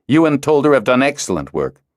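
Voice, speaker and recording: A man's voice: medium pitch, big pitch swings, brisk, no echo, clean studio sound, voice pushed up, close to an everyday voice. A man reading an audiobook, voicing a fierce, upbeat male dragonrider who speaks with fervent emphasis. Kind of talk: audiobook character voice.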